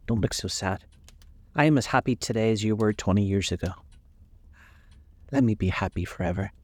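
A man's voice: fairly low pitch, normal speed, darkish tone, dry recording, natural voice. A man voicing a dreamy, adoring young woman who speaks eagerly and pleads. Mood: pleading.

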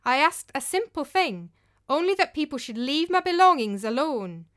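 A woman voicing a proud, stern older settler woman who speaks deliberately and commandingly. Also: high voice, very animated, fairly bright tone, pitched above the performer's own voice.

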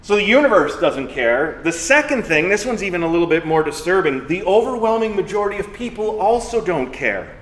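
A pastor preaching a sermon in a church, telling everyday stories in a conversational, self-mocking way. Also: male voice, high voice, very animated, fairly quick, hardly any pauses, fairly bright tone, reverberant.

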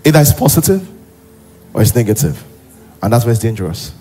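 A male pastor with a Nigerian accent preaching a sermon emphatically, rising into shouts and sing-song. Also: mid-range voice, very animated, fast talker, faint music behind.

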